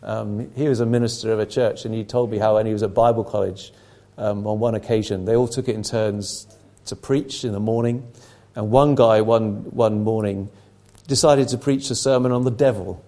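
A man's voice: on the low side, steady tone, normal speed, mellow. A middle-aged man preaching a sermon, emphatic, his intensity rising and falling.

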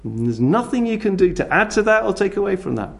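A man's voice: high-pitched, very animated, fast, gravelly. A middle-aged man preaching a sermon, earnestly pressing his listeners with repeated direct questions. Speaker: pastor.

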